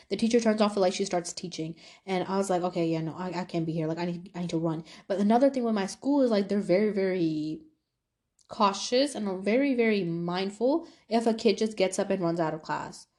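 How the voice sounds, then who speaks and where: A young woman hosts her own podcast and talks straight through a personal story. Her delivery is casual and chatty, and she keeps slipping into quoted dialogue to act out what other people said, with plenty of fillers along the way. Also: mid-range voice. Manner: chatty, animated retelling with quoted voices and fillers. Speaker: podcast host.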